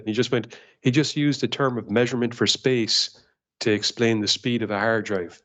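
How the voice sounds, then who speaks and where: A man's voice: medium pitch, fairly even intonation, a little fast, fairly bright tone. Blunt storytelling man on a podcast. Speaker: podcast co-host. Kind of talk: casual group chat.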